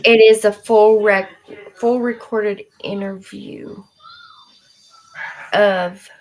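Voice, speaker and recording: A woman's voice: mid-range voice, steady tone, darkish tone, slight background noise, poor audio. A woman, casually thinking aloud while playing a mystery game. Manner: slow, unhurried, musing aloud. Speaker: co-player on a live stream.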